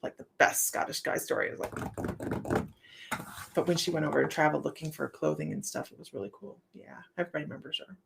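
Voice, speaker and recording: A woman's voice: low-pitched, animated, fast talker, gravelly, fairly bright tone, a little hiss or hum. A woman with a Southern American accent hosting a livestream, chatting casually, laughing often and reading viewer comments aloud. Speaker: psychic livestream host.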